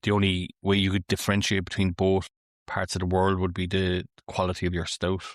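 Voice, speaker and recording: A man's voice: deep voice, monotone, a little fast, no room sound, studio quality. An Irish man co-hosting a podcast, talking in a colloquial, jokey and laid-back way. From Ireland. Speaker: podcast co-host. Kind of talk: casual podcast chat.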